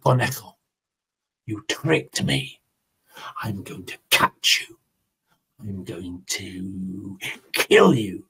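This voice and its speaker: A man voicing a big fierce male jaguar in a told story, muttering slow, low threats. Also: lively intonation, vocal fry, sharp tone, breathy edge, exaggerated voice. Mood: menacing. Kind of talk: storytelling in a language lesson.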